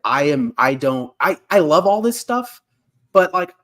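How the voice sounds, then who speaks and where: A man's voice: on the high side, very animated, a little slow. A young man co-hosting a casual pop culture podcast, rambling with lots of fillers and restarts. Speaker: co-host.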